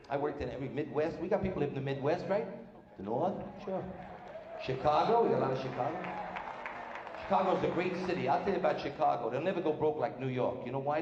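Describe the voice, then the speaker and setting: A man doing a live stand-up routine with brash, rapid-fire joke telling on a large stage. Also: on the high side, a little mellow, muffled recording. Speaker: stand-up comedian. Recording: roomy live hall with faint noise.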